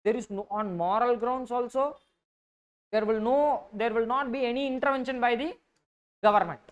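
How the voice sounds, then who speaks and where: A woman's voice: a little high, normal speed, smooth, lo-fi sound. A woman with a Tamil-influenced Indian English accent giving a classroom economics lecture. She dictates notes, repeats key points, and keeps asking whether the students are following. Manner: dictates notes, then explains. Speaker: economics teacher.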